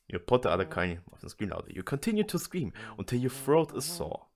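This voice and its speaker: A man reading an AI-generated adventure story aloud in a deadpan manner. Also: mid-range voice, fast talker, hardly any pauses.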